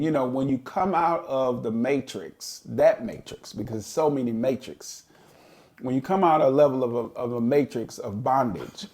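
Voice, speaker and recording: A man's voice: medium pitch, a little mellow. A middle-aged man and podcast co-host, telling a personal story in an earnest, reflective way during a casual chat.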